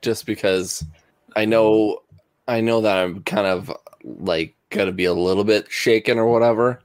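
Deep-voiced man playing a tabletop game. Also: steady tone, no room sound, studio quality. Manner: hesitant, halting. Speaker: player. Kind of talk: casual tabletop play.

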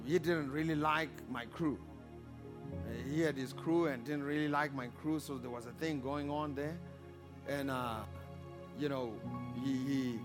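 A man preaching a sermon as pastor, calling for amens and swinging between loud exhortation and quiet storytelling. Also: medium pitch. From Zimbabwe. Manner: preaching with rising calls for amen and audience response.

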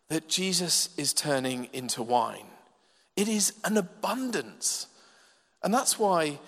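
A man preaching a sermon in a church, measured and emphatic with dramatic pauses. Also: fairly high pitch, a bit bright. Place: church hall. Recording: long reverb of a large hall.

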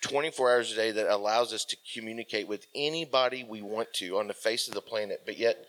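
A man in his forties, a military veteran guest, telling a casual rambling story full of fillers that often trails off softly. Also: fairly low pitch, quick pace.

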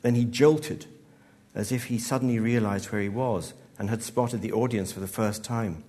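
An author reading his own short story aloud at a live event, in a measured, dry manner. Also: fairly low pitch, a little mellow.

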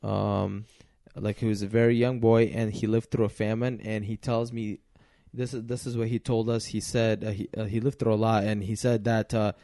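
A man's voice: on the low side, flat delivery, moderate pace, dark tone, dry recording, studio quality. A man telling a story on a casual podcast chat in an earnest, hesitant way.

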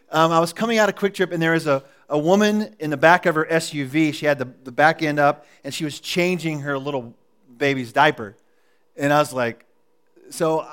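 A man's voice: fairly high pitch, a bit bright. A male pastor giving a sermon at church, telling a personal story in a casual, chatty way and laughing at his own jokes.

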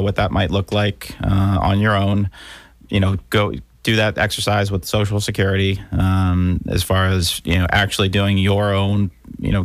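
A man's voice: fairly low pitch, no room sound. A man co-hosting a money podcast, explaining steadily in casual chat with many fillers. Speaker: podcast co-host.

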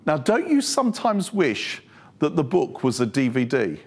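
Male preacher, lively and animated, higher voice, humorous sermon delivery. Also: moderate pace, husky.

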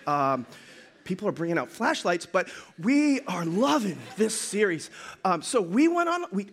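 A man acting out a nervous, apologetic male disciple in a sermon skit, hesitant and stammering, flattering his leader. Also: high-pitched, husky, heavily acted.

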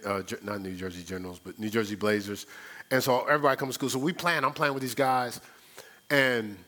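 An older man preaching a sermon as pastor, telling stories in a conversational way and talking straight to the congregation. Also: mid-range voice. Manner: animated storytelling, sound effects and laughter; conversational, addresses the congregation directly.

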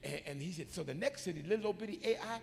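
A man, a bishop, preaching a sermon in church with animated, folksy storytelling that swings up into shouting. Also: sits high, rapid-fire, vocal fry, in a large hall. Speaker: bishop and pastor. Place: church sanctuary.

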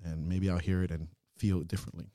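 A man co-hosting a podcast, talking in an earnest, reflective way that swings into loud, laughing rants. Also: sits low, little pitch movement, fast, no echo, clean studio sound. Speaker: podcast co-host. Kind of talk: casual reflective chat.

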